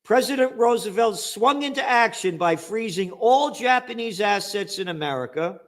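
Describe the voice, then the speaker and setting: A man's voice: high-pitched, a little slow, hardly any pauses. A man hosting a heated political talk show, reading from a source aloud and mocking it with sarcastic asides. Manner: sarcastic, animated, reads aloud and mocks the text. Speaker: show host.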